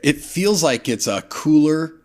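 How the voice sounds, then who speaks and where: A man's voice: fairly high pitch, lively intonation, a little slow. A man co-hosting a podcast in casual chat, rambling a little, giggly, and asking questions. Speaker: podcast co-host.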